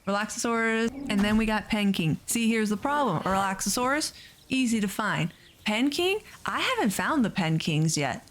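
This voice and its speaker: A woman's voice: medium pitch, a little hiss or hum. A woman hosting a let's play video, giving casual, chatty gameplay commentary and gushing over the creatures she raises.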